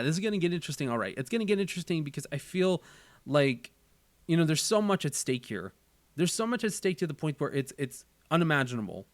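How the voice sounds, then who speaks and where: Earnest man thinking out loud. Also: on the high side, no echo. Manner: earnest, repeats phrases while thinking aloud. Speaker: channel host. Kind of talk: casual chat.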